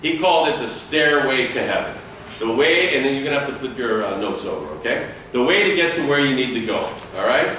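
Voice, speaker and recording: Animated man lecturing in an echoey room. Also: medium pitch, fairly quick, a little hiss or hum. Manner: lively, demonstrates dialogue with acted lines. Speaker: security trainer. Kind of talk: classroom training lecture. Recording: echoey room, speaker far from mic.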